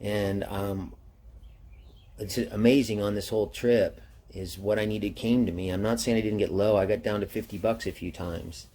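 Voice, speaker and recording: A man casually telling his own travel story in a rambling, slangy way, getting animated when quoting others. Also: fairly low pitch. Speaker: motorcycle travel vlogger.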